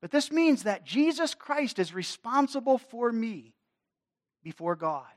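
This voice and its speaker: A man's voice: very high voice, big pitch swings, unhurried. Man preaching a sermon with rising force. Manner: dynamic preaching, swelling and dropping in force. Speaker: pastor.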